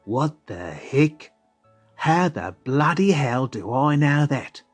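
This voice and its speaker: A man's voice: mid-range voice, very animated, takes it slowly, faint music behind, voice pushed up. A man doing a baffled Cockney-Australian psychic. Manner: bewildered, swearing in surprise.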